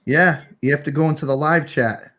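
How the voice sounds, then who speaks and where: A man's voice: fairly high pitch, moderate pace, sharp tone. A man hosting a casual livestream chat, telling a story in a rambling, laid-back way with lots of fillers. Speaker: streamer host.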